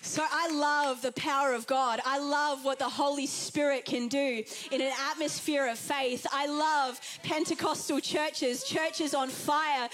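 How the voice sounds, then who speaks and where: A woman's voice: high-pitched, fairly even intonation, unhurried, few pauses, fairly bright tone, faint music behind. A young Australian woman preaching an earnest, chatty Pentecostal sermon to a congregation. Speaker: guest preacher.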